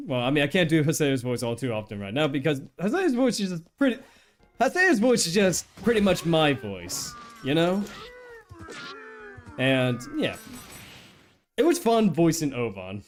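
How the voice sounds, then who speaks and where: A man's voice: on the high side, very animated, normal speed, faint music behind. A man casually chatting while streaming a game, rambling, restarting his sentences and laughing often. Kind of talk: casual gameplay chat.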